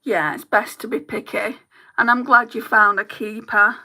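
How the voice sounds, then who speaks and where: A woman's voice: on the high side, fairly even intonation, moderate pace, sharp tone. A woman chatting candidly to the camera while doing her makeup, telling stories with a chatty, open manner. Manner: chatty, candid storytelling with laughs.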